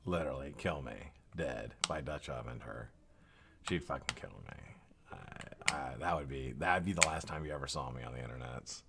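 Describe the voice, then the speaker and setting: A man's voice: rumbling low, moderate pace, vocal fry, noisy background. A tired, yawning man hosting a live stream, rambling casually with frequent swearing and laughter.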